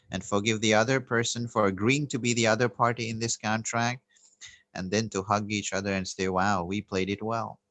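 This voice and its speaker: A man giving an earnest, unhurried spiritual talk, telling a story and pausing on fillers and restarts. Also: fairly low pitch, fairly bright tone, no room sound. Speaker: spiritual teacher. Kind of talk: spoken spiritual teaching with storytelling.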